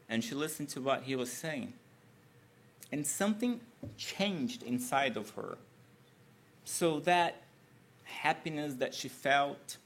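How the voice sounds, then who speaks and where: Gravelly guy preaching, telling a bible story all chatty, keeps asking right?. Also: medium pitch. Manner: conversational, with tag questions. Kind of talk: storytelling sermon.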